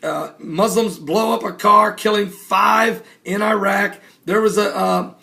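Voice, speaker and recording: An American man hosting a radio talk show, promoting tonight's episode with incredulous outbursts and quick jumps between topics, recorded in a studio. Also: sits high, fairly even intonation, gravelly, pushed and bright. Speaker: radio show host and preacher. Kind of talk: excited show promo monologue.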